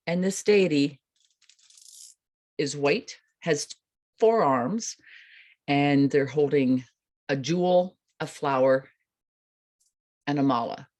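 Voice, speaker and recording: A woman teaching a meditation practice, speaking in a calm, unhurried and gentle way. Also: deep voice. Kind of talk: instructional talk.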